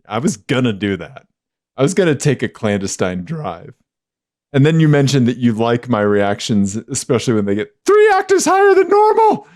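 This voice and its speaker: A man co-hosting a podcast in casual chat, excitable, his voice jumping up high when surprised. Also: normal speed. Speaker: podcast co-host.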